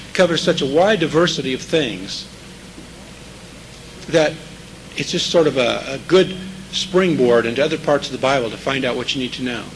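A man's voice: medium pitch, fairly bright tone, a little hiss or hum, poor audio. A man preaching a sermon in a conversational way, checking in with his listeners and repeating key scripture phrases for emphasis.

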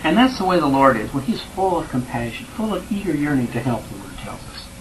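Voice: medium pitch, very animated, fairly quick, a little hiss or hum, rough recording. Conversational Bible class teacher. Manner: conversational, retells scripture in everyday words, checks in with the class.

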